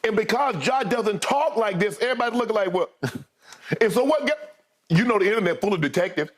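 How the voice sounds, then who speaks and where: An animated man argues his point on a sports debate show and keeps turning to his co-host. His voice is notably high for a man. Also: fairly quick.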